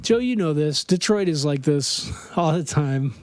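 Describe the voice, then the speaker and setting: A man's voice: on the high side, animated, measured pace, a little mellow, dry recording. A middle-aged man from Denver chatting casually on a podcast, telling rambling stories and laughing often. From Denver, USA. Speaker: podcast host. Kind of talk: casual chat.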